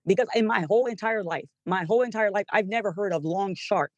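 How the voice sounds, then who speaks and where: A woman's voice: mid-range voice, quick pace, darkish tone, no echo. A woman calling in to a show, arguing in a defensive, emotional way and repeating herself. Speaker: caller. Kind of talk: heated call-in argument.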